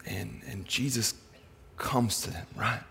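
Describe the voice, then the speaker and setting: A middle-aged man preaching a sermon in a church, animated and conversational, swinging between loud excitement and hushed softness. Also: on the low side, takes it slowly, vocal fry, husky, in a large hall. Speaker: pastor. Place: church sanctuary.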